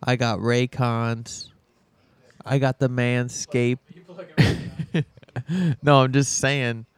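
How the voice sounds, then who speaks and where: A man's voice: mid-range voice, flat delivery, drawn-out words, clear, resonant tone. A man co-hosting a podcast in a laid-back, bemused, slangy casual chat.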